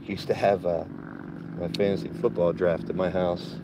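A man's voice: deep voice, little pitch movement, moderate pace, noisy background. A man hosting a casual gardening livestream from his backyard, chatting and swearing loosely while reading out viewer comments. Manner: chatty, swears casually, reads chat aloud.

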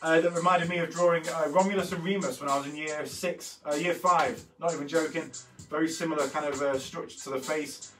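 Man, 30s, art host, slightly high voice, a bit off-mic with faint music under it. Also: fairly even intonation, a little fast, a bit bright, far from the mic, low-quality recording. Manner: chatty and rambling, with frequent fillers and self-corrections. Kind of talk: casual walkthrough of artwork.

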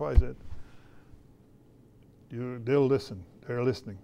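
A man's voice: medium pitch, measured pace, creaky, long pauses, dark tone. An older man, an artist talking casually to schoolchildren in a folksy, storytelling way, often repeating his phrases. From Canada. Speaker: visiting artist.

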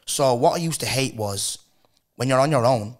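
A man's voice: medium pitch, normal speed. A young Irish man hosting a podcast, telling stories in casual chat, swearing freely and acting out rows with customers. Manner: animated storytelling, heavy swearing, acts out quarrels. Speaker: podcast host.

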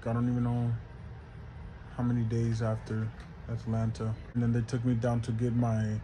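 A man's voice: fairly low pitch, noisy background. A young man talking casually to his camera for a vlog, worn out, sore and lightheaded, with a loose, profane, slangy way of speaking. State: in pain and lightheaded. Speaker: vlogger.

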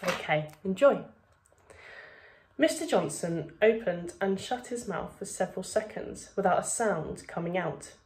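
A woman's voice: mid-range voice, lively intonation, measured pace, darkish tone, slight background noise. A woman, a primary school teacher reading a children's novel aloud to her class.

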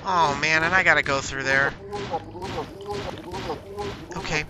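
A man's voice: fairly high pitch, takes it slowly, very noisy. A young man hosting a gaming channel, giving jumpy let's-play commentary and talking to himself and to the monsters chasing him.

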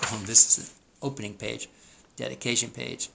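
A man's voice: medium pitch, little pitch movement, normal speed, creaky, background noise. A man teacher reading a children's picture book aloud, with amused, chuckling asides.

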